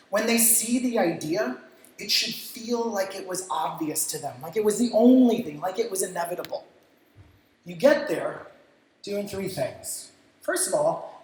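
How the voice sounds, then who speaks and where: A man gives an energetic talk at a creative industry event. He acts out clients' reactions and drops the odd casual swear word. His voice rings through a large, very echoey hall. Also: high-pitched, slight background noise. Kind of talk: stage talk with practical lessons.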